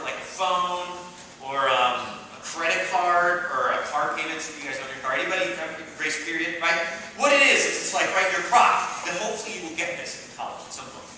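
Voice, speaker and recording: Young man, casual sermon, bright tone, distant mic, reverberant hall, faint background noise. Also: on the high side, normal speed. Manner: casual, chatty, lots of fillers and "right?". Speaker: campus ministry speaker. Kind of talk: informal sermon to students.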